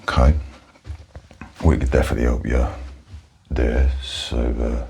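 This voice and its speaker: Cockney man, whispered role-play barber, very deep, gravelly, husky, soft and matey. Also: little pitch movement, measured pace, slight background noise. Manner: soft-spoken, chatty, matey. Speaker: barber in ASMR roleplay.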